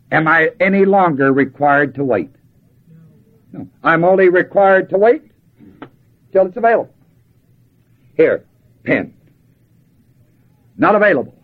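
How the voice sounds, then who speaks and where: Older husky preacher on old tape. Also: male voice, on the high side, narrow, tinny audio. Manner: folksy, asks the audience questions and answers them. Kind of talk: sermon.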